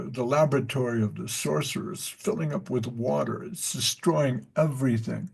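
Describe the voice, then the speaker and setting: A man's voice: mid-range voice, gravelly, slightly rough. A man teaching a devotional study class, telling stories in a rambling way with many fillers and asides. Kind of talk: unhurried spiritual class talk with stories.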